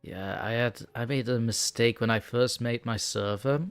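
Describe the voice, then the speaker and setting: A man's voice: medium pitch, moderate pace, clear, resonant tone, soft background music. A man from Europe chatting as a podcast guest, joking and hedging his claims. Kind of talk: casual chat.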